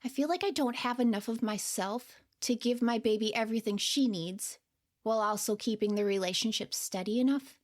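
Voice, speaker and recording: A woman narrating her own story in the first person, quiet, unsure and earnest. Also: on the high side, a little fast. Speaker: podcast storyteller.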